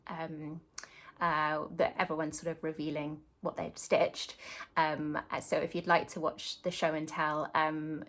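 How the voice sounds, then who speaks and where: Chatty British woman, low voice. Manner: chatty and rambling, laughs at herself. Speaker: cross-stitch vlogger. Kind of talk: casual chat.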